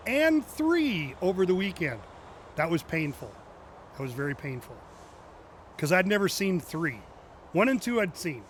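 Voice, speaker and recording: A man's voice: sits high, a bit bright, slight background noise. A man streaming a driving game, chatting casually with viewers in a rambling, joking way and laughing often. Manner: chatty asides to viewers in chat. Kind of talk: casual chat while playing a driving game.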